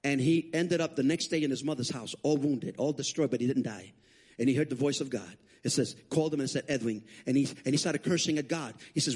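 A man's voice: medium pitch, fast talker, a little mellow, husky. A man preaching as a guest pastor, telling stories animatedly, acting out the people he quotes and often stammering into restarts. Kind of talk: sermon.

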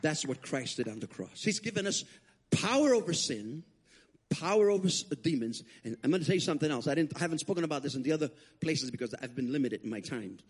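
A man's voice: quick pace, few pauses, breathy edge. A man from Rico, preaching a storytelling sermon as a guest speaker in a church, acting out his quotes with big leaps in voice. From Puerto Rico. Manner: animated, acts out quotes with big pitch jumps. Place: church sanctuary.

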